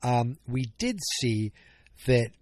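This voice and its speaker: A man hosts a casual solo podcast recap, rambling and correcting himself as he thinks aloud. He sounds a little tired, and his voice sits at a middle pitch. The recording is close and dry, with no room sound. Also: big pitch swings, slow pace, darkish tone, no echo. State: yawning, tired. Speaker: podcast host.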